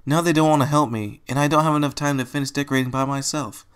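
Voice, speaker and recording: A man voicing a bubbly female party pony who turns bossy and then tearful, in a high put-on girlish voice. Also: expressive, fast, bright, forceful tone.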